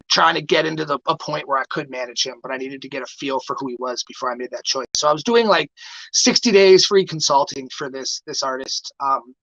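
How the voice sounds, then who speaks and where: Brief: man, studio guest, salty storyteller. Bright, sharp tone in a dry room with slightly muffled sound. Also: a little high, no room sound. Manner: swears freely, acts out quoted dialogue. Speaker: guest entrepreneur and artist manager. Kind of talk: casual storytelling chat.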